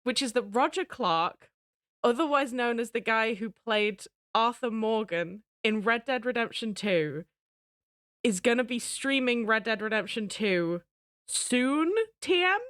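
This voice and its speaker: A woman streamer chatting casually to her viewers, excitable and giggly. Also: a little high, measured pace, no echo, clean studio sound. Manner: excitable, giggly, talks to chat. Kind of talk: casual live-stream chat.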